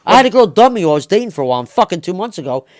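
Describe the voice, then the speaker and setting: A brash man rants through his stories, swearing nonstop. His voice swings wildly up and down as he tells them. He talks loud and blunt, like a guest who won't hold back. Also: sits high, sing-song, racing. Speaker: interview guest. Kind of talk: profane ranting storytelling.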